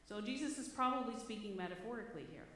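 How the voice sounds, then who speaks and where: A woman's voice: on the high side, animated, fast, pushed and bright. A woman preacher giving a conversational, storytelling sermon, self-deprecating and chatty, in a church hall. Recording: echoey hall, faint background noise.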